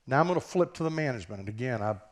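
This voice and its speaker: A man's voice: medium pitch, lively intonation, racing. A man with a Southern US accent giving a conference keynote as a business professor, talking conversationally and often checking in with the audience through rhetorical questions, on a stage microphone.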